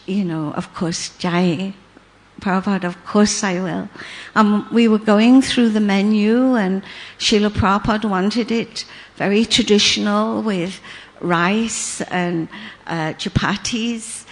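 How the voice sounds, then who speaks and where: An older woman, telling a personal memory in an unhurried, halting way with many pauses and fillers. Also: mid-range voice. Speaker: storyteller sharing memories. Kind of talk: casual spoken recollection.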